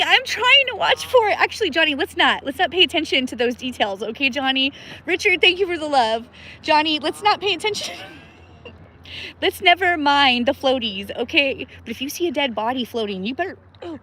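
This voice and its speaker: A woman from the Pacific Northwest of the US livestreams from a river outdoors, chatting casually, giggling often and greeting viewers by name. Her voice is high and sharp, with lively intonation and a moderate pace.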